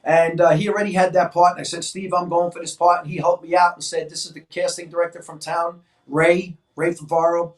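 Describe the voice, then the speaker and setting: A man in his sixties from New York, a co-host telling stories in an animated way and acting out voices in casual chat. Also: fairly high pitch, brisk, hardly any pauses. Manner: animated, acts out quoted voices. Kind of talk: casual storytelling. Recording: echoey room, mic at a distance.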